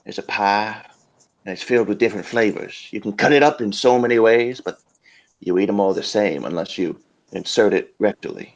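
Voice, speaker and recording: A man riffing in a grandiose, preacher-like comedic oration, drifting from hushed whispers to loud declaiming. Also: lowish voice, moderate pace, muffled recording. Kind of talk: improvised comedic mock oration.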